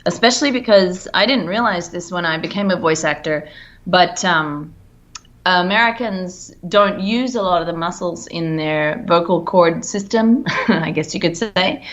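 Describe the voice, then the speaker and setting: An Australian woman talks casually as an interview guest. Her voice sits low, and she laughs easily and trails off now and then. The audio is muffled and dull. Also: measured pace. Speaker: voice actor guest.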